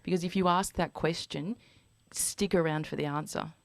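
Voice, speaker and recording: A woman hosting a radio interview, speaking reflectively and warmly to listeners. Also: low voice, steady tone, normal speed, gravelly, dry recording. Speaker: radio host.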